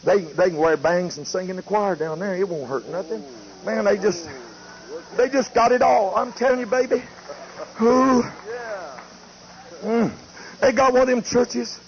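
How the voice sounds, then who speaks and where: A man's voice: high voice, unhurried, long pauses, pitched above the performer's own voice. A preacher putting on the voice of old Lot, a worldly patriarch coaxing his wife, with a folksy drawl and a wheedling, sweet-talking manner. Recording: muffled lo-fi tape with faint hiss.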